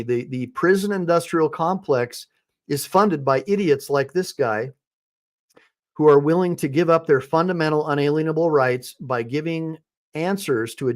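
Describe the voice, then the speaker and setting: A man, an attorney, giving opinionated, mocking commentary on video clips. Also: fairly high pitch.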